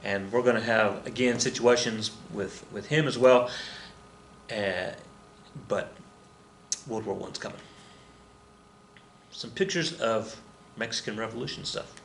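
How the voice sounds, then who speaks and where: A man's voice: fairly low pitch, measured pace, creaky, pauses often, slight background noise. A man teaching history in a rambling, joking way, often correcting himself as he goes. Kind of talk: recorded classroom lecture. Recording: roomy echo with faint ambience.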